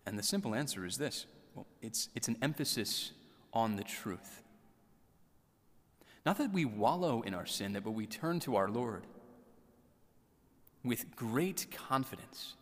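A man preaching a sermon in an earnest, measured way, repeating scripture lines softly. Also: medium pitch, very animated, long reverb tail. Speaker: priest.

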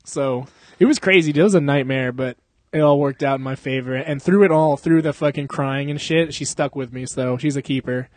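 A young man telling a long story in casual chat, animated and full of swearing and laughter. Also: medium pitch, brisk, dry recording.

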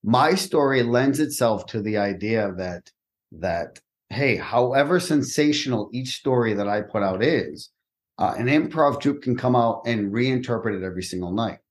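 Lively-voiced man telling comedy stories. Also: medium pitch, normal speed. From Massachusetts. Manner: animated storytelling, profane. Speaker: comedian guest. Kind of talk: casual podcast chat.

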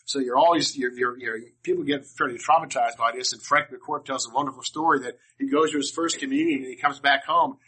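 A man's voice: medium pitch, steady tone, a little fast, hardly any pauses, bright, forceful tone, breathy edge, low-quality recording. An older man from Washington, D.C., telling personal stories to a class in a rambling, humorous way, often restarting his sentences. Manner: rambling, self-interrupting, humorous. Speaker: speaker to a class. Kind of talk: personal storytelling talk.

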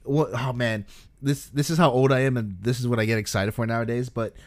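A man's voice: medium pitch, fairly even intonation, brisk, no room sound, clean studio sound. A young man co-hosting a casual podcast chat, enthusiastic and swearing casually. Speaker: podcast co-host.

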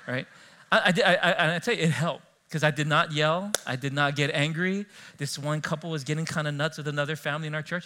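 A middle-aged man, a pastor preaching a sermon in church, animated and conversational, telling stories with asides to the congregation. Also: fairly high pitch, fast.

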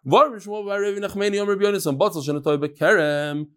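A man teaching a Talmud class, reading Aramaic lines and explaining them in English in a lively, questioning way. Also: high voice, fast, clean tone.

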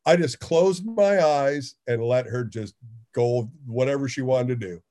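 A middle-aged man with a warm, mellow voice, chatting in an easygoing interview. He tells stories animatedly, jumping higher when he acts out what people said. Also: a little slow. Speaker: baseball radio host. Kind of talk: casual interview storytelling.

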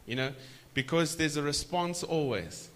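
A man preaching a sermon at a church conference, stretching key words slowly for emphasis and prompting the audience to answer back. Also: on the high side, lively intonation, fairly bright tone.

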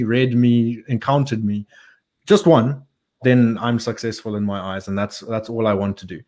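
A man's voice: medium pitch, darkish tone. A man hosting a casual interview, earnest and repeating words as he thinks. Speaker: host.

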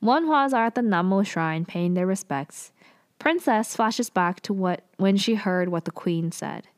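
A young woman casually recapping a TV drama, chatty and full of fillers and quick asides. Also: mid-range voice, animated, dry recording, clean studio sound.

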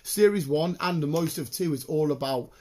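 A man, hosting a casual chat, excitable and sweary, breaking into laughter. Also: on the high side, moderate pace, slight background noise.

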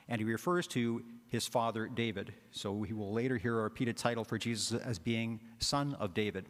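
A man, a parish priest, giving a conversational homily with frequent filler words. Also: mid-range voice. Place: church. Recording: long church reverb.

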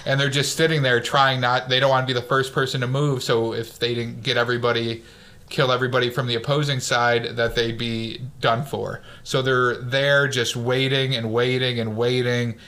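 A man's voice: medium pitch, moderate pace. Man animatedly retelling a movie. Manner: animated storyteller, acts out quotes. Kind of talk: casual movie recap chat.

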